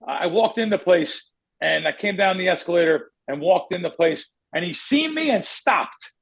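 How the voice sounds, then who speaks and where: A man's voice: high voice, animated, normal speed, gravelly, fairly bright tone, slightly rough. A man hosting a betting podcast, telling long rambling stories in casual chat, cursing freely and drifting off on tangents. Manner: rambling storyteller who curses and goes off on tangents. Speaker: podcast host, sports bettor.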